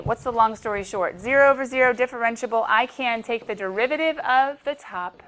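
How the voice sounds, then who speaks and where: In a math classroom lecture with faint background noise, a woman with a slightly high, fairly bright voice teaches playfully and chattily. She often thinks aloud to herself as she solves problems.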